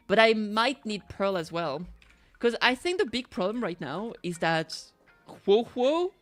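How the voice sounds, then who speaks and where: A woman streaming a game and chatting casually with viewers, bubbly and excitable, swearing now and then. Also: medium pitch. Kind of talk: casual live-stream chat while gaming.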